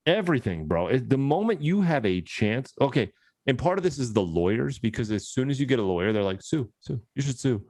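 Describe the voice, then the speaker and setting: A man with a New York accent, co-hosting a podcast in casual, profane, animated chat. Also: medium pitch, fairly quick, no echo, studio quality. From United States. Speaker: podcast co-host.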